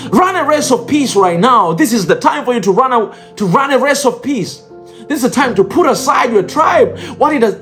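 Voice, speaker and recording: A man with an East African accent making an impassioned, pleading appeal to his viewers, repeating his phrases for emphasis. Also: sits high. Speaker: video blogger addressing viewers. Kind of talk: impassioned direct-to-camera appeal.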